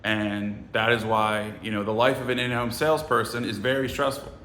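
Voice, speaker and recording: A middle-aged man telling a story in a bright, forceful voice. He is lively and profane and acts out the other people's lines. The room is echoey. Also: fairly low pitch, normal speed, a little hiss or hum. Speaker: sales trainer telling a story. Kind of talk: casual storytelling.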